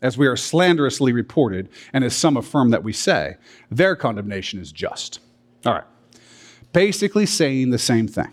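Lively, emphatic male Bible teacher. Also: mid-range voice, normal speed. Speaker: pastor teaching a Bible study. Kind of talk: sermon.

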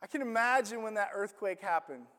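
A man preaching a sermon. He retells a story in an animated, conversational way, full of "like" fillers. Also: sits high, brisk, in a large hall.

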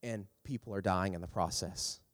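Guy preaching to teens, jumps up loud when he acts out the story, long echo off a big hall. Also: moderate pace. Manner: animated, acts out characters with big pitch jumps. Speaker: youth pastor. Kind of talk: youth sermon.

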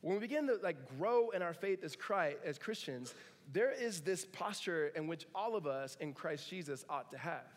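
A man preaching a sermon in a relaxed, conversational way, with joking asides and animated retellings of stories. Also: on the high side, in a large hall. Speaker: pastor.

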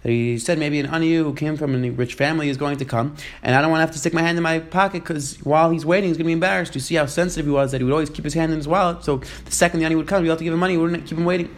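A man giving a Talmud class in a quick, steady flow, mixing Hebrew and Aramaic quotes with English explanations. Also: fairly high pitch. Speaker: Talmud teacher. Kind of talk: Gemara study class.

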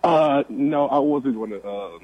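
A man's voice: mid-range voice, a little slow, lo-fi sound. A man calling in to a sports radio show, speaking hesitantly with many fillers. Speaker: caller. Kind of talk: casual call-in talk.

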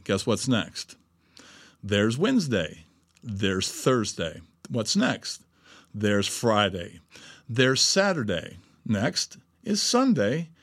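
A man's voice: lowish voice, dry recording, clean studio sound. Blunt, foul-mouthed man ranting. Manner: blunt, swears constantly, emphatic. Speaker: host. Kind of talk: profane motivational monologue.

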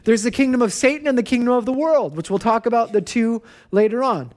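A man in his thirties, a pastor, giving a conversational sermon and telling personal stories in an animated way. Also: extremely high pitch, fast talker.

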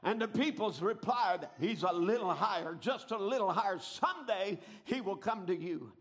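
A man preaching with a strikingly high voice. He tells his story dramatically, building up and bursting into shouts at the peaks. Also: lively intonation, normal speed. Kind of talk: sermon.

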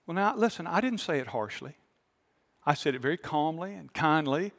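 A male pastor, preaching a sermon. He tells a story calmly, then builds to fervent appeals to the congregation. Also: on the high side, fairly quick, creaky, in a large hall. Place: large church auditorium.

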